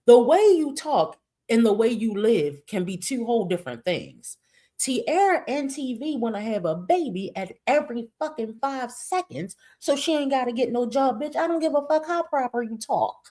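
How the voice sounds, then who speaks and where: A woman's voice: fairly high pitch, darkish tone. A woman hosting a reaction vlog, blunt, profane and sassy, leaning on catchphrases. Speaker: reaction channel host.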